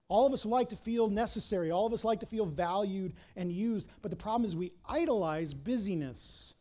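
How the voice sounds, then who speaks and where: Middle-aged male pastor, high-pitched, dynamic sermon delivery with repetition. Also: a little fast, hardly any pauses. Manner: animated, repeats words, swings between loud and quiet.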